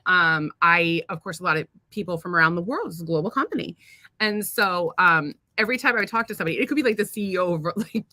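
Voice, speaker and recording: A woman's voice: mid-range voice, bright, forceful tone, no room sound. A woman co-hosting a podcast in casual chat, blunt and profane, laughing often. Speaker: podcast co-host.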